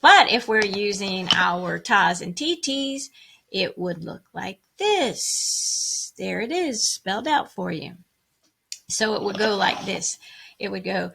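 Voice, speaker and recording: A woman's voice: mid-range voice, lively intonation, slow, vocal fry, very noisy. A woman music teacher giving an online rhythm lesson for children, upbeat and encouraging, counting and chanting rhythms aloud.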